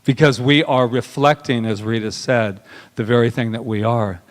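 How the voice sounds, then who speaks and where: A male minister giving a sermon, talking intimately and emotionally, sliding from soft murmurs into raised bursts. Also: medium pitch, fairly even intonation, moderate pace. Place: spiritual center sanctuary. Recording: long hall reverb.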